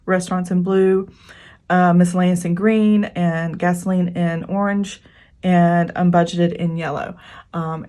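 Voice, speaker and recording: A woman's voice: mid-range voice, darkish tone. A woman hosting her own budget planning channel, talking casually and rambling with frequent fillers. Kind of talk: casual chatty vlog walkthrough.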